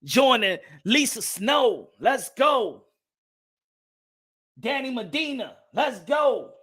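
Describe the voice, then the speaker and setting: Boxing vlog host, man with a high pitched voice, heated profane rant with shouty bursts. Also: very animated, slow pace, breathy edge. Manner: repeats phrases, laughs at own points. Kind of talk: casual boxing commentary vlog.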